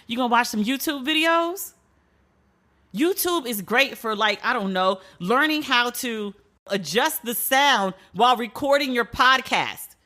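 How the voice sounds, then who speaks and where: A woman's voice: a little high, measured pace. A woman hosting a solo podcast, talking bluntly and profanely as she tells stories and vents. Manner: blunt, profane, animated storytelling. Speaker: podcast host.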